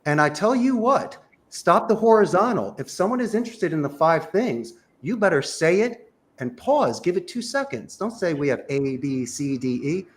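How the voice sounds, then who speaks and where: Guy coaching sales, high voice, bouncy and emphatic, lots of quick questions. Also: big pitch swings. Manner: emphatic, rapid-fire instructions with rhetorical questions. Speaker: sales trainer. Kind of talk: animated coaching talk.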